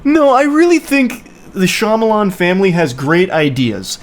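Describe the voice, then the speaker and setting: A man in his thirties with a slightly high voice tears into a bad movie with a sarcastic, profane running commentary. He retells the plot in quick bursts and acts out the characters along the way, close to the mic. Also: lively intonation. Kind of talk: casual movie review rant.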